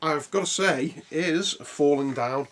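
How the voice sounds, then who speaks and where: A man's voice: fairly high pitch, takes it slowly. A man co-hosting a podcast, swearing often as he retells film scenes with gusto. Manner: sweary, animated retelling with loud put-on voices. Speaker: podcast co-host. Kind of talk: casual chat.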